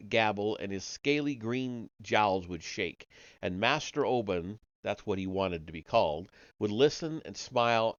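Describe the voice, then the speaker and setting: A low-voiced man reads a science-fiction story aloud on a live stream, relaxed and conversational, fixing his slips as he goes. The recording is dry and a little muffled, with no room sound. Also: no room sound. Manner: casual first-person reading with slips and restarts. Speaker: host reading stories aloud.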